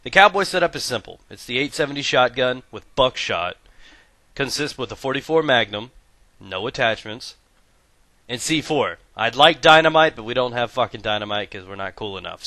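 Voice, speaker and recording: With a mid-range voice, moderate pace and no room sound, a man hosts a gaming video. Crude and profane, he recounts a comic story and walks through his gear, moving from whispered storytelling to loud, excited bursts in a blend of comedy and gameplay commentary.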